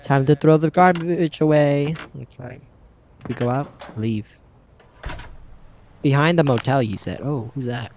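A man's voice: medium pitch, unhurried, long pauses, darkish tone, slight background noise. A man commenting chattily as he plays a horror game, reading its dialogue aloud. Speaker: gaming channel host. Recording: slightly dull game recording with faint music.

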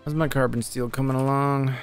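Young male streamer, gravelly, chatty and foul-mouthed while he plays. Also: mid-range voice. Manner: chatty, profane, talks to chat. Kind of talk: casual live gameplay commentary.

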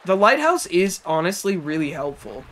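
A man's voice: high-pitched, very animated, moderate pace, a bit bright. A man streaming live, chatting as he plays and talking back to game characters and his chat. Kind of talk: live gameplay commentary.

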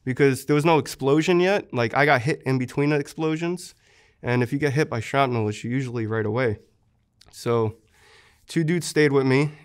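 A man's voice: medium pitch, clear, resonant tone. A young man, a war veteran, earnestly recounting how he was wounded, in an interview, with many fillers.

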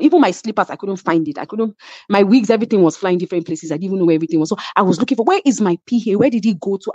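Lively Nigerian woman telling a story. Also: mid-range voice, no echo. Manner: emphatic, keeps asking "do you understand?". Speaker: reality show cast member, interview guest. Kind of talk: animated storytelling in an interview. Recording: dull lo-fi sound.

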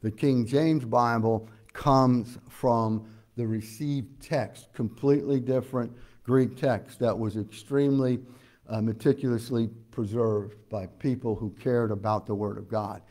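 A pastor delivers a verse-by-verse sermon in a warm, relaxed tone at an ordinary middle pitch. He talks to his congregation conversationally, often filling pauses with "uh" and putting questions to them. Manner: preaches conversationally with frequent "uh" fillers; explains scripture verse by verse, asking the congregation questions. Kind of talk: expository sermon.

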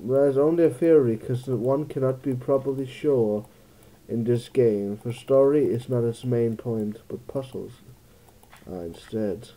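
Very dark-voiced man thinking aloud. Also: mid-range voice, unhurried. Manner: musing, thinking aloud, jokey asides. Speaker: let's play gamer. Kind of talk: casual gameplay commentary.

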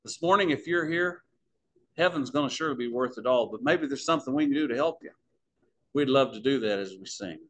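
A man's voice: mid-range voice, lively intonation, fairly quick, a little hiss or hum. A man preaching the close of a sermon in a small church, in a folksy storytelling way that speaks to the congregation as folks.

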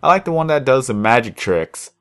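Very animated and fairly quick, a young man with a mid-range, slightly bright and smooth voice hosts a gaming video. He rambles in a laid-back, casual way over a headset while he plays.

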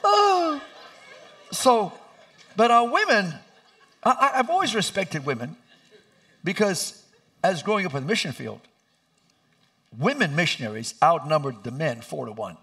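Animated, bright-voiced preaching pastor. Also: male voice, high-pitched, unhurried, long pauses. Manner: animated, laughing storyteller who acts out voices. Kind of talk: sermon with storytelling. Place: church sanctuary.

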